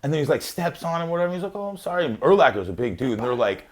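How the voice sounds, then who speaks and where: A man hosting a podcast in casual chat, an animated storyteller who acts out quotes, swears freely and laughs often. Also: mid-range voice, rapid-fire. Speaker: podcast host.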